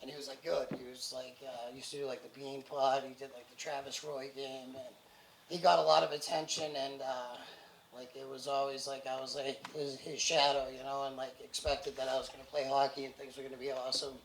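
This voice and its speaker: Gravelly, slightly breathless man in a hall. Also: mid-range voice, little pitch movement, a bit bright, slight background noise. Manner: halting, filler-heavy, self-deprecating. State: a little short of breath. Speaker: storyteller in recovery. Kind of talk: personal story told to an audience. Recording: echoey hall.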